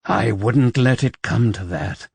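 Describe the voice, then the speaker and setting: A man voicing a brooding, persuasive young nobleman who speaks with low, coaxing intensity in an audiobook. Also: slow, creaky, darkish tone, husky, dry recording, full character voice.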